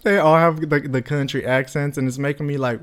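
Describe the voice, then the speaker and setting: A man co-hosting a podcast, chatting casually in an animated, gossipy way and laughing easily. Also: on the high side, fairly quick, clean tone. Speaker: podcast co-host. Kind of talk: casual chat.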